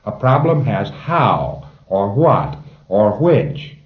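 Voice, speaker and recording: A man's voice: lowish voice, sing-song, takes it slowly, reverberant, narrow, tinny audio. A man giving an informal lecture to a class of trainees, emphatic and wry, chuckling at his own jokes.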